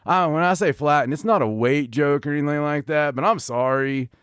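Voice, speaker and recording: Animated, ranting podcast host man. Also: a little high, a little fast, clear, resonant tone, no room sound, studio quality. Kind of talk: casual wrestling review chat.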